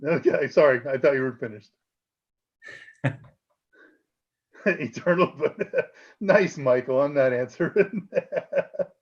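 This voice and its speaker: A man's voice: a little high, slow, pauses often, breathy edge, dull audio. A man co-hosting a live tech Q&A stream, explaining exam answers in a chatty way and laughing often.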